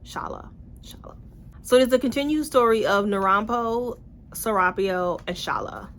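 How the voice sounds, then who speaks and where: A young woman casually reviewing books in a vlog, blunt and animated, with swearing and playful asides. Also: medium pitch, moderate pace, a little hiss or hum. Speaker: book reviewer.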